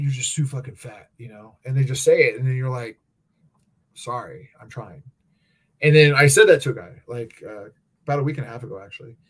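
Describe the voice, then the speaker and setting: Candid, swearing man telling gym stories. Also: medium pitch. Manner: candid storytelling, heavy swearing and fillers. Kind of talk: casual chat.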